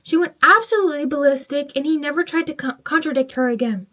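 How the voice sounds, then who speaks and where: A high-pitched woman talks casually to her camera while putting on makeup, reading online stories aloud. She is a bit tipsy, swears freely and reacts emotionally between the stories. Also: quick pace, sharp tone. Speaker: vlogger.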